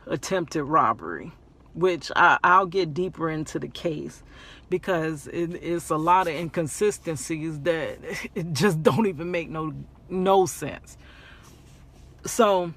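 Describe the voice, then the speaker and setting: Speaking in a low voice, a woman vlogger tells a personal story storytime-style, animated and laughing often, repeating phrases for emphasis.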